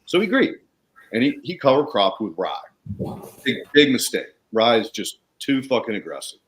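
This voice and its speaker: Blunt male guest, swears a lot, lively up-and-down delivery, casual storyteller. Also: medium pitch, normal speed. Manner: animated, blunt, swears freely. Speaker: guest, soil consultant.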